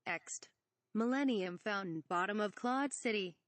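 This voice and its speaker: A woman's voice: medium pitch, measured pace, no room sound. A woman reading a parody script aloud, stage directions and all, saying "asterisk" for the bleeped words. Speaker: reader.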